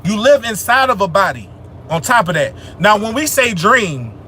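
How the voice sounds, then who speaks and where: A man's voice: high-pitched, big pitch swings, moderate pace, bright, forceful tone, a little hiss or hum. A young man hosting a livestream, answering chat questions about spirituality in a loose, profane, streetwise manner, preaching emphatically.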